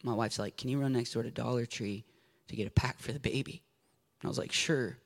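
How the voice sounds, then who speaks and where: A man preaching a sermon, building to shouted passion and then easing into quiet storytelling. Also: mid-range voice, fairly even intonation, fast, gravelly.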